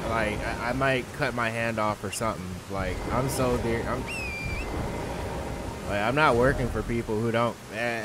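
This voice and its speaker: A man's voice: mid-range voice, very noisy. A young man ranting in casual commentary over a video game, heated, profane and rambling. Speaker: gaming YouTuber.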